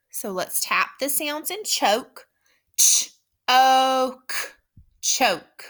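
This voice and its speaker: A woman teacher giving a spelling dictation lesson, speaking slowly and repeating each word with patient care. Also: high-pitched, pushed and bright. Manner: slow, patient, repeats words carefully.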